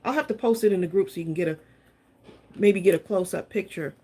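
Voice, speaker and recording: A woman's voice: medium pitch, fast talker, dark tone, husky. Chatty woman hosting a craft stream. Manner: chatty, laughs often, addresses viewers as y'all. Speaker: craft channel host. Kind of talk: live-stream crafting chat and demo.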